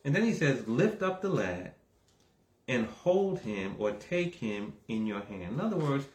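A man delivers a conversational sermon at a measured pace, beginning low and calm before building to raised, emphatic exhortation. He repeats words and keeps asking the audience "right?", and the sound is reverberant.

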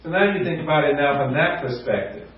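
Animated preacher in an echoey hall. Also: male voice, fairly high pitch, fast. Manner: animated, rising to near shouts, acts out quotes. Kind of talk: sermon. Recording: echoey room, distant mic, muffled.

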